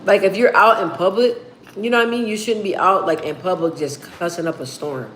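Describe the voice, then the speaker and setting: A woman chatting casually with viewers, telling stories in a slangy, animated way. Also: lowish voice, a little fast. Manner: animated, slangy storytelling with acted-out quotes. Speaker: streamer answering viewer questions. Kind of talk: casual chat. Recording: roomy echo, faint background hum.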